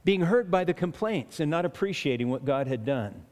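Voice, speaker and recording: A man's voice: on the high side, animated, moderate pace, a little mellow. A man preaching a sermon in a chatty way, often restarting and chuckling between points. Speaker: pastor. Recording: long hall reverb.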